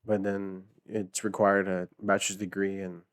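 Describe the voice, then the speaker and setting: A man's voice: low-pitched, flat delivery, moderate pace, no echo, studio quality. A young man, a guest on a podcast, telling stories in a rambling, casual way full of fillers and laughter. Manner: rambling storyteller, many fillers, laughing often. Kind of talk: casual chat.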